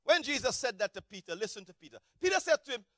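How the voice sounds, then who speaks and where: A male pastor preaching with a strikingly high voice, recorded close and bone-dry. He drives his points with sudden shouted bursts, then drops low and quiet for asides. The delivery is animated and full of swings. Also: quick pace, dry recording. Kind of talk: sermon.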